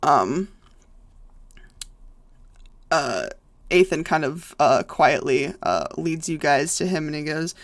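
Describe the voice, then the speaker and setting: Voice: medium pitch, lively intonation, takes it slowly, long pauses. A game master narrating a tabletop game on a stream, hesitant and full of filler words as they describe the scene. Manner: hesitant, many fillers and restarts.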